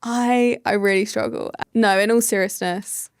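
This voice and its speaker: A woman's voice: medium pitch, steady tone, a little slow, clear, resonant tone, dry recording, studio quality. A young woman, a startup founder, chatting casually as a podcast guest and filling her talk with "like". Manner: chatty, full of "like" fillers.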